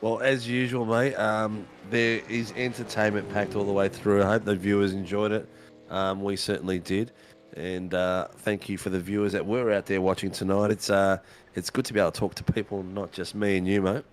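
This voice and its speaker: A man's voice: lowish voice, normal speed, a little hiss or hum. A man as a casual co-commentator, chatty and loose, calling his partner mate and filling gaps with ums. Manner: relaxed and chatty, says mate, many ums and uhs.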